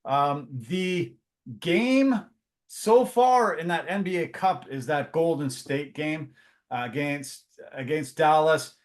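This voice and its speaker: A man co-hosting a sports podcast, telling stories in a casual, animated way with plenty of fillers and restarts. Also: fairly high pitch, slow pace. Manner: animated storyteller, acts out quotes.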